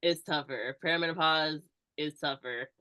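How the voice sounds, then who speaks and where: Bright-voiced woman strength coach, casual. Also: deep voice, normal speed, clear, resonant tone. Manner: explains steadily, heavy use of "like". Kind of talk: casual chat.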